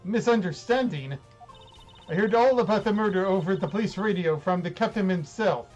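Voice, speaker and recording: A man's voice: high-pitched, moderate pace, darkish tone, muffled recording, faint music behind, natural voice. A man doing a haughty young female prosecutor with a fake German accent. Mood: scornful. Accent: put-on German. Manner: cold, scolding, imperious. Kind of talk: reading game dialogue aloud.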